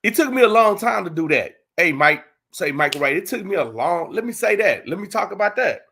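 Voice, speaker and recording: A man's voice: sits high, big pitch swings, fairly quick, sharp tone, slightly rough. A man with a Texas accent hosting a casual livestream Q and A, talking loose street slang with lots of "you know what I'm saying". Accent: Texan. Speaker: livestream host.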